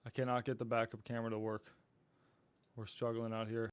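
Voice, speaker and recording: A man's voice: mid-range voice, completely flat delivery, fairly quick, clean tone. A man hosting a casual livestream, apologetic and flustered while he fights his equipment and talks to viewers. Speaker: livestream host.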